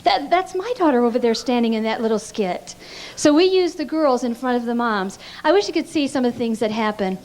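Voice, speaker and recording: Woman, fairly high voice, earnest conference talk, storytelling, stammered repeats. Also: animated, fairly quick, darkish tone. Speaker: speaker at a pastors' conference.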